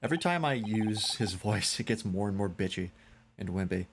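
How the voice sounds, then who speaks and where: A man chatting through a game stream in a lively, musing way, his voice rising and falling a lot. Game music plays steadily under his talk. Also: fairly low pitch, moderate pace. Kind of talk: casual game commentary.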